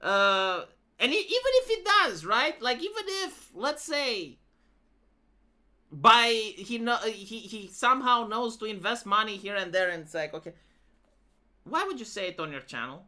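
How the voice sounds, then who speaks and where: A woman's voice: medium pitch, sing-song, unhurried, pushed and bright. A woman streamer giving casual reaction commentary, ranting and swearing as she talks to her chat. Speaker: live streamer reacting to videos.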